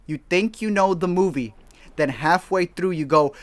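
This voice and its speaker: A man co-hosting a podcast, telling an animated, slangy story and acting out the dialogue in it. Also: high voice, moderate pace. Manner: excitable, slangy, acts out dialogue in his stories. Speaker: podcast co-host. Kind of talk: casual chat, animated storytelling.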